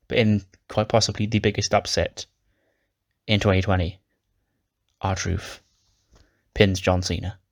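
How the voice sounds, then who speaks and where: A man's voice: low voice, little pitch movement, measured pace, vocal fry, long pauses. A man casually recapping a wrestling game playthrough, swearing now and then and acting out the characters' lines. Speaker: game commentator. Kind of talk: casual let's-play recap.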